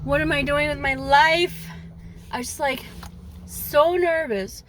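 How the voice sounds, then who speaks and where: A woman's voice: sits high, a little slow. A woman vlogging casually from her car, rambling and poking fun at herself. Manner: rambling, self-mocking, chatty. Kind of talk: casual vlog talk. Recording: loud car and street noise.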